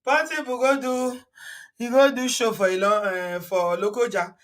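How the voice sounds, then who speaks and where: A woman's voice: a little high, steady tone, normal speed, far from the mic. Nigerian female host, loose and chatty, recorded slightly off-mic. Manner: chatty, laughs often, mixes in Yoruba words. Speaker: host reacting to a video. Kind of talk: casual reaction chat.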